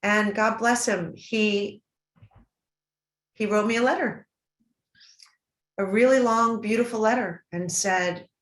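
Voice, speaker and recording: A woman's voice: mid-range voice, fairly even intonation, takes it slowly, pauses often. A middle-aged woman telling a personal family story in an interview, earnest and emotional, often breaking off and restarting her sentences. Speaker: interview guest. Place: event stage or hall. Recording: roomy, echoey room.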